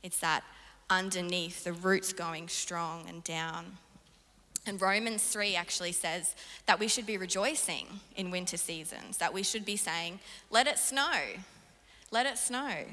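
A young woman preaching a sermon in an earnest, animated way. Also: lowish voice, measured pace. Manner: earnest, animated storytelling with laughs. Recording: reverberant hall.

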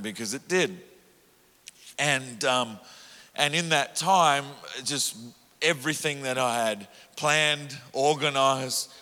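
Bright-voiced preacher in a hall. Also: male voice, mid-range voice. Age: middle-aged. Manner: animated, self-mocking, laughs often. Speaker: evangelist preacher. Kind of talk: storytelling sermon. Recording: echoey hall.

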